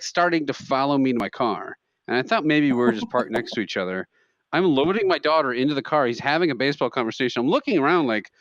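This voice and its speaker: A man in his thirties co-hosting a podcast, telling animated stories in casual comedic chat. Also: fairly high pitch, no echo. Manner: animated storyteller, acts out quotes loudly. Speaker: podcast co-host. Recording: dry, slightly dull podcast audio.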